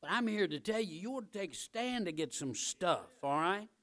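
A male pastor preaching a sermon in church, emphatic and repetitive, building up to loud, driving peaks. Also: high-pitched, expressive, moderate pace.

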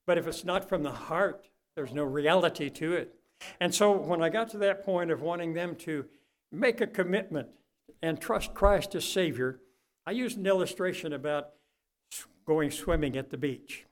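An older man preaching a sermon, telling folksy stories and swinging from quiet asides to loud, impassioned peaks. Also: fairly high pitch, moderate pace.

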